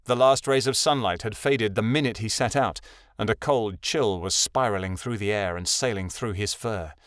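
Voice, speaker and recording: A man narrating a young adult fantasy audiobook in an even, measured reading. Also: fairly low pitch, no echo, clean studio sound. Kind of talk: scripted narration.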